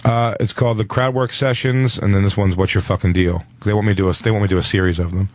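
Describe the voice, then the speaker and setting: A male comedian as a guest on a podcast, telling stories in a lively, profane way. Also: lowish voice, quick pace, dry recording. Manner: animated, profane storytelling. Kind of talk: casual podcast chat.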